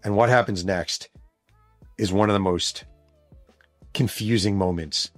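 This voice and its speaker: A man's voice: fairly low pitch, unhurried, no room sound, faint music behind. A man hosting a podcast, telling a story in a casual, emphatic way with plenty of swearing. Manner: emphatic, profane, animated storyteller. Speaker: podcast host and author.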